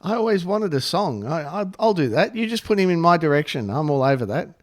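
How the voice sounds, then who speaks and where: A man's voice: a little high, very animated, brisk. A man in a casual podcast chat, blunt and wry and laughing as he talks. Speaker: knifemaking supplier, podcast guest.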